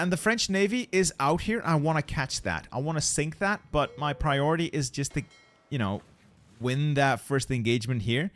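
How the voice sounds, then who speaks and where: A man's voice: fairly high pitch, dry recording. Man streaming, thinking aloud while playing. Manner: thinking aloud, relaxed, repeats words while planning. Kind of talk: live-streamed strategy game commentary.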